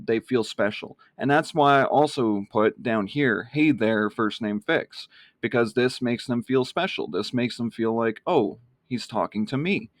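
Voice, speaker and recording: An online marketing vlogger with a mid-range voice gives a casual walkthrough of his email marketing, rambling and using many fillers. The recording is clean studio sound with no echo.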